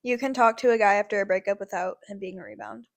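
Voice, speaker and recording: A teenage girl co-hosting a podcast with friends, chatty and quick to defend herself. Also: mid-range voice, very noisy. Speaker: podcast co-host. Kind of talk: casual chat.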